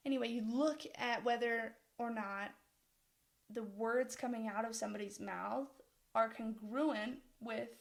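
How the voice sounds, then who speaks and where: A woman's voice: fairly high pitch, measured pace, vocal fry. A young woman co-presenting course material in a casual discussion, rambling, often breaking off mid-thought and laughing.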